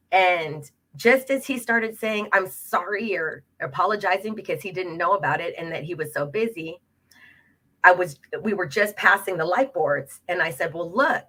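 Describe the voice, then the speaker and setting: A woman, a local progressive club president, telling a campaign story casually, with many fillers and acted-out quotes. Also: on the low side. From Los Angeles area, California. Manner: animated, many fillers, acts out quoted exchanges. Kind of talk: casual storytelling on a web talk show.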